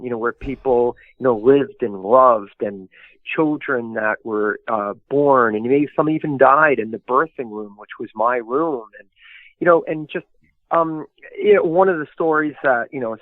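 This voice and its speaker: A man's voice: mid-range voice, measured pace, no room sound. A man, a historian and author, telling long rambling anecdotes in a casual interview, full of fillers. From New York area. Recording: tinny phone-like line, dry.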